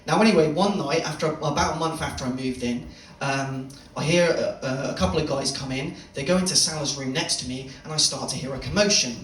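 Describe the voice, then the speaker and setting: A young man performing a stand-up set in a comedy club, telling a swearing, deadpan story and teasing the crowd. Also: on the high side, brisk, hardly any pauses, slight background noise. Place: comedy club stage, live audience. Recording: roomy club sound from a distance.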